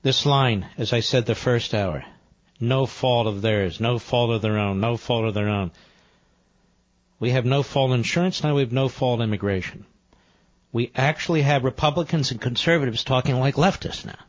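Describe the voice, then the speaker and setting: Male talk radio host, mid-pitched, emphatic and repetitive, dull lo-fi broadcast sound. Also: normal speed, no room sound. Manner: emphatic, repetitive, builds to indignant peaks. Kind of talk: political talk radio monologue.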